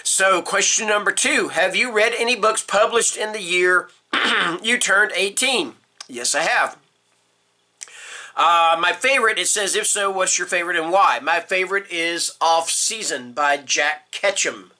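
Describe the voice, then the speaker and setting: An older man hosts a horror booktube channel, rambling through a casual book tag chat in a folksy way with lots of fillers. His voice is high and sharp, and he talks a little slowly.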